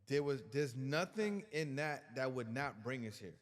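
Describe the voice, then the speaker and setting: A man's voice: mid-range voice, lively intonation, a little slow, big-room sound. A man guest on a podcast giving a casual motivational talk, emphatic and colloquial, repeating words as he builds his point.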